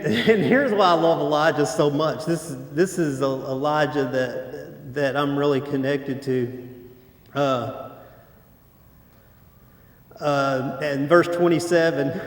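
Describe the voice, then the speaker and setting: A man preaching a casual sermon as a pastor, informal and joking, with lots of filler words, on a stage under hot lights. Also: a little high. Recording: echoey hall, long reverb.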